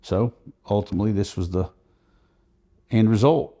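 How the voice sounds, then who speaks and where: Low, mellow male guest telling a long story earnestly. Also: moderate pace, husky. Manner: earnest, recounting events at length. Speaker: podcast guest. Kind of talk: conversational storytelling.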